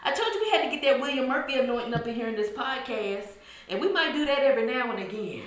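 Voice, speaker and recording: Brief: woman host, high voice, animated and teasing, heavy room echo. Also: fast. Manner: animated, teasing, church-style call and response. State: out of breath. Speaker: podcast host. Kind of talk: playful podcast monologue, chanting dance calls. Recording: very echoey room.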